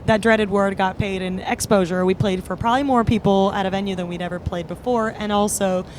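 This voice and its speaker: A woman in a moving van, telling a story in an upbeat, filler-laden way at a mid pitch. Clear road rumble runs under her voice throughout. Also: steady tone, fairly quick. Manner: chatty, upbeat, with frequent fillers. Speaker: podcast host and band member. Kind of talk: casual storytelling chat.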